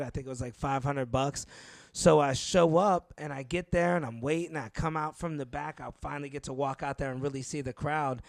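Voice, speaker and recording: Brief: male comic, storyteller, gravelly edge, dry close sound. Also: on the high side, a little fast, no echo. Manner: animated, laughs through his own stories. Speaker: comedian telling stories. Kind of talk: casual storytelling chat.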